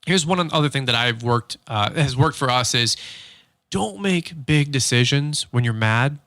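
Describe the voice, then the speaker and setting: A man's voice: mid-range voice, lively intonation, unhurried, fairly bright tone, dry recording, studio quality. A man co-hosting a casual business podcast, rambling and joking, with frequent laughs. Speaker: podcast co-host.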